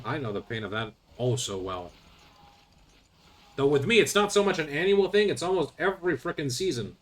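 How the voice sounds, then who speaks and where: Bright-voiced grumbling game streamer man. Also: medium pitch. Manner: grumbling, sarcastic, mild swearing. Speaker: streamer playing a video game. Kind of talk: casual gameplay commentary.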